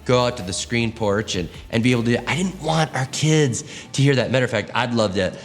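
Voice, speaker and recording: A man's voice: mid-range voice, a little fast. A man, a pastor, giving a teaching talk to church leaders, telling stories expressively and acting out quotes. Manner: expressive, animated storytelling with acted quotes.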